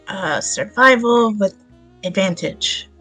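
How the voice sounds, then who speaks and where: A woman's voice: mid-range voice, lively intonation, slow pace, pushed and bright, faint music behind. A woman playing in a tabletop game, plainly describing her character's actions. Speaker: player.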